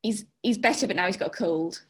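A woman co-hosting a casual podcast, relaxed, chatty and quick to laugh. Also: medium pitch, husky. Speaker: podcast co-host. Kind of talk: casual chat.

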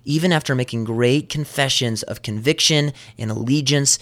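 A man's voice: medium pitch, normal speed, a bit bright. Earnest male preacher, vivid storyteller. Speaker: pastor. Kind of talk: sermon.

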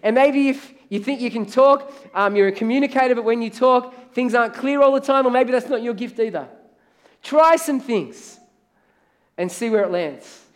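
A man's voice: extremely high pitch, brisk, hardly any pauses. A middle-aged man preaching a sermon as pastor, in a conversational way, acting out the voices of the people he quotes.

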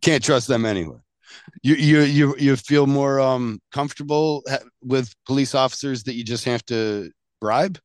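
A man's voice: medium pitch, normal speed, no echo, clean studio sound. Wry man trading jokes in chat. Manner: wry, teasing, self-deprecating jokes. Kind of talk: casual chat.

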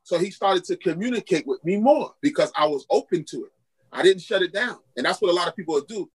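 A man tells his testimony as a podcast guest, slipping into the voices of the people he quotes. His voice sits a touch high for a man and carries a husky, slightly grainy edge. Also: fast, poor audio. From Queens, New York. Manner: animated storyteller acting out quoted dialogue. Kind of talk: storytelling testimony in a podcast interview.

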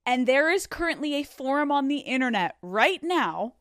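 A woman hosting a solo podcast in a studio, telling a story in an animated, profane way. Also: high-pitched, normal speed, no echo. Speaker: podcast host.

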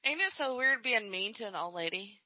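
A woman's voice: mid-range voice, lively intonation, brisk, no room sound, highs cut off. A woman hosting a podcast, chatting casually and teasing her guest. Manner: wry, teasing reactions. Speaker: podcast host. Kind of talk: casual chat.

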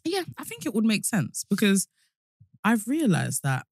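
A woman's voice: mid-range voice, wildly swooping pitch, moderate pace, darkish tone, breathy edge, no room sound. London woman, podcast co-host, playful and laughing, dry close mic. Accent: London English. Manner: playful, laughs often, teasing. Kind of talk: casual chat.

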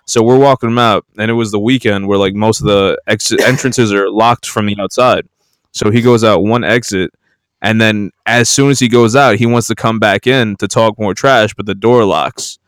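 A man's voice: lowish voice, steady tone, normal speed, clean tone, dry recording, clean studio sound. A man on a podcast telling a story from work in casual chat, hesitant and joking.

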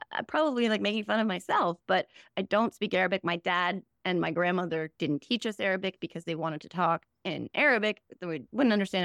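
A woman's voice: medium pitch, fairly bright tone, no room sound, studio quality. A woman in her forties, a podcast guest chatting casually, self-mocking and laughing often. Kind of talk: casual chat.

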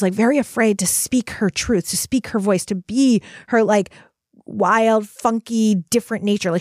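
A middle-aged woman podcast host speaking in a casual, animated motivational monologue, full of fillers and swearing. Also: medium pitch, no echo, clean studio sound. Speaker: podcast host and retreat coach. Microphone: studio microphone.

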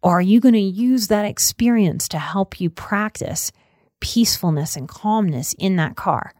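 A woman's voice: mid-range voice, moderate pace, darkish tone, no echo, studio quality. A woman giving a motivational self-help talk, earnest and coaching, reading out affirmations.

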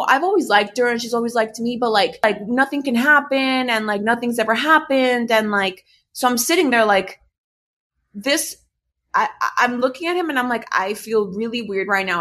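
Young woman telling a story, casual and profane. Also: fairly high pitch. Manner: animated, swearing, many "like" fillers. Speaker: storyteller recounting a breakup. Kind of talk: casual chat.

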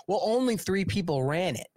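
A male talk show host reads news aloud, then breaks off into crude, sarcastic riffs. His pitch leaps and drops with lively swings. The sound is close and dry, with no room around it. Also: dry recording. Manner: crude, mocking, sarcastic rant. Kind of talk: live political talk show monologue.

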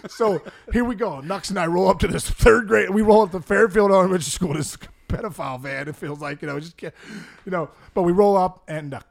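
A middle-aged man tells stories in a relaxed chat, with a gravelly, slightly high voice. He acts out everyone in his tales and laughs often. His delivery is lively. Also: brisk. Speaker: guest storyteller. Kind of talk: casual storytelling.

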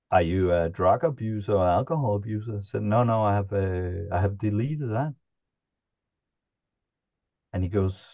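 A man, a podcast guest, telling a personal story in a halting, chuckling way with many restarts. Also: on the low side, dry recording, dull audio. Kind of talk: casual storytelling.

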